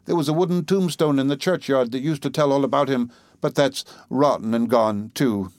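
A man's voice: medium pitch, normal speed, a little mellow, no room sound, close to an everyday voice. A man voicing an old villager who answers questions in a plain, matter-of-fact way.

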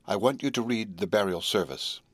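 A man reading the part of a devoted young wife, earnest and resolute, in a measured pleading tone. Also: on the low side, fairly bright tone, slightly rough, no echo. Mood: solemn. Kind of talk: audiobook character reading.

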